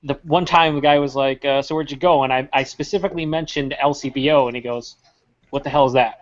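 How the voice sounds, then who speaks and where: A man's voice: mid-range voice, steady tone, fast talker. A man hosting a casual chat, telling stories in an exasperated tone and swearing often. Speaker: podcast host. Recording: slightly muffled recording.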